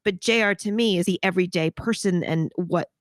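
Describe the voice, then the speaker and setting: Frank, energetic woman podcast host. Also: on the low side, brisk, no echo, clean studio sound. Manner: frank, energetic, swears casually. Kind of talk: conversational interview.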